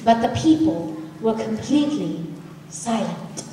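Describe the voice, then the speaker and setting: A woman's voice: fairly high pitch, animated, a little slow, a little hiss or hum. A woman narrating a comic church reenactment in a dry storybook manner, with wry asides. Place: large church hall with audience. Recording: echoey hall, far from mic, loud crowd.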